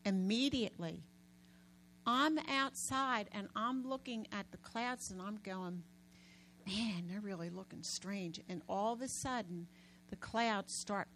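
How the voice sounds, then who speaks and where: A woman preaching conversationally, telling a story with lively, raised-voice quotes. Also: mid-range voice, unhurried, slight background noise, low-quality recording.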